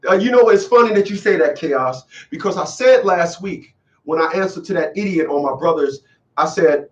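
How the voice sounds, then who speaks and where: A man's voice: sits high, moderate pace, recorded from a distance, muffled recording. A man hosting a call-in show, lecturing emphatically and repeating lines for effect. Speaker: radio call-in host. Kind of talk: preachy call-in commentary.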